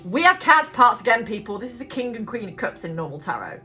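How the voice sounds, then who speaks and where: A woman's voice: a little high, sing-song, fast, pushed and bright. A woman giving a casual tarot reading, talking bluntly, swearing freely and rambling on. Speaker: tarot reader. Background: background music.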